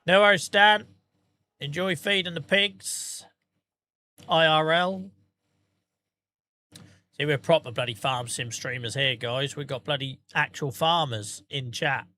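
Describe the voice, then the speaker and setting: A man's voice: on the high side, measured pace, long pauses, pushed and bright. A tired man, chatting casually to viewers on a game livestream and telling rambling, sweary stories. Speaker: streamer.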